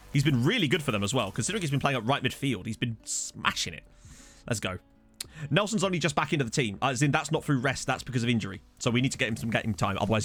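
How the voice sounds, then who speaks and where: A young man hosting a gaming channel chats and jokes casually through a let's-play of a football management game, reacting to the match as game music plays faintly. His mid-range voice is fairly bright, captured on a desktop studio mic.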